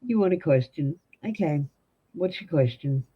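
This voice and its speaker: A woman's voice: low voice, lively intonation, normal speed, slightly rough, muffled recording. An Australian woman giving blunt, direct tarot readings to viewers on a live stream. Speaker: tarot reader.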